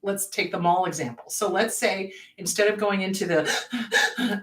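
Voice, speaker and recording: A woman's voice: medium pitch, measured pace, fairly bright tone. A woman therapist hosting a show, talking casually and acting out panicked inner voices as she explains. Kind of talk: casual educational talk. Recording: roomy echo, distant from mic.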